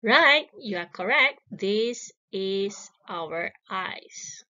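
Slow, lively woman teaching children English. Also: medium pitch, highs cut off. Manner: encouraging, drawn-out words repeated twice.

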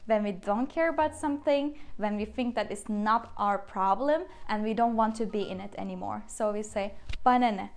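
A woman's voice: mid-range voice, moderate pace, hardly any pauses. A young woman from Turkey with a Turkish accent, casually teaching phrases with everyday examples and frequent laughs. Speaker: language teacher. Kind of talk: casual language lesson.

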